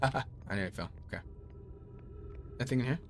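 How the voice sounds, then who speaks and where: A young man playing a game blind, thinking aloud and reading its lore text in a measured voice. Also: medium pitch, animated, creaky, slight background noise. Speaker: let's play streamer.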